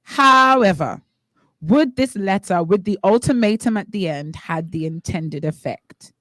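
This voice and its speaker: A woman's voice: mid-range voice, animated, measured pace, a bit bright, no room sound. A woman from the Bahamas co-hosting a radio talk show, opining with emphatic rhetorical questions in casual chat. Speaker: radio co-host. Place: radio studio.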